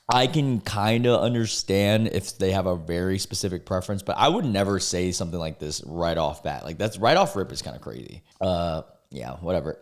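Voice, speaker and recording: A man in his twenties from the United States, reading dating app posts aloud and reacting in a casual, amused way, laughing often and trailing off mid-thought. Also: fairly low pitch. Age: 20s.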